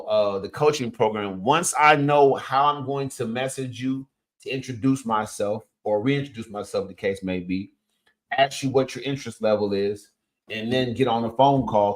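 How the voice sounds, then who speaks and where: Man in his fifties, casual motivational talk, emphatic, punchy. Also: mid-range voice. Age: 50s. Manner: energetic, emphatic, punchy interjections. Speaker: coach and podcast host.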